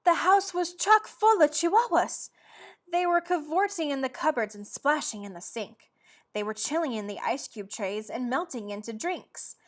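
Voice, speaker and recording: A woman reading a children's picture book aloud in an expressive storytelling manner. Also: high voice. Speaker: read-aloud narrator.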